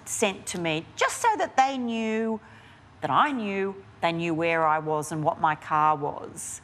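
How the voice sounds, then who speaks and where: A woman's voice: on the low side, slow, slight background noise. A woman, a journalist answering interview questions frankly and animatedly. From Australia. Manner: frank and animated, with frequent restarts and fillers. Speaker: investigative journalist, guest. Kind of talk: candid conversational interview answers.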